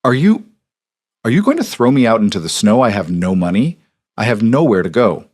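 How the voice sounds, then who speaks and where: A man's voice: on the low side, sing-song, fairly quick, a little mellow. Man doing a weeping, frightened young woman. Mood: panicked. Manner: weeping, choked, pleading. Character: frightened young pregnant woman, poor and tearful.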